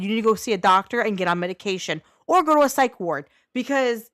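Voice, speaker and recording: A woman's voice: medium pitch, lively intonation, quick pace, few pauses, a bit bright, no echo, clean studio sound. A woman streaming a game live, talking blunt and unfiltered to her chat and swearing freely.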